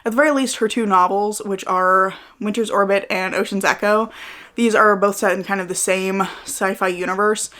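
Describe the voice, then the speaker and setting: A woman's voice: medium pitch, steady tone, normal speed, fairly bright tone. Chatty woman recommending books. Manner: chatty, hedging with "like" and "I think". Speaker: book reviewer. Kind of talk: casual book recommendations.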